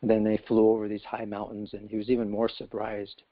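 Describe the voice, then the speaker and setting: A man's voice: fairly low pitch, monotone, brisk, no room sound. A man giving a scripture class, telling a story in a casual way with many fillers. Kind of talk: storytelling lecture. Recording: dull lo-fi class recording.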